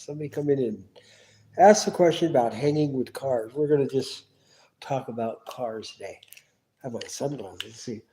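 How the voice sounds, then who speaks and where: A man's voice: medium pitch, warm tone. A man hosting a casual solo livestream from his garage on a phone camera, rambling and asking absent viewers lots of questions. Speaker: livestream host. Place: home garage.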